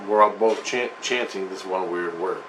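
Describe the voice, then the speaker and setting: A man's voice: low-pitched, moderate pace, noisy background. A man telling a personal story in a rambling, profane, emphatic monologue.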